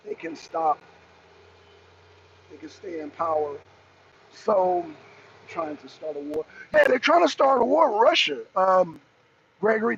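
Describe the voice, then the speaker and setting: A man's voice: high-pitched, creaky, fairly bright tone. A man hosting a live talk show and ranting profanely in casual, repetitive commentary from his car in traffic. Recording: slightly dull lo-fi audio.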